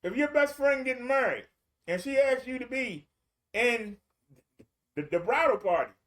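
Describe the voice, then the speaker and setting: A man's voice: very high-pitched, lively intonation, moderate pace, fairly bright tone. A man preaching a streamed sermon in a colloquial, repetitive storytelling way.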